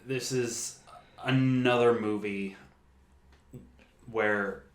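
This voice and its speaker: A man's voice: fairly low pitch, steady tone, very slow. A man co-hosting a podcast in casual chat, rambling with many fillers and laughing easily. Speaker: podcast co-host. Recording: roomy echo.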